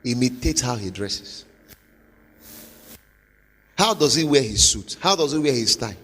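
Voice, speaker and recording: A man with a Nigerian accent, a pastor giving a motivational sermon with forceful, repetitive exhortation. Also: mid-range voice, animated, a little slow. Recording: long hall reverb.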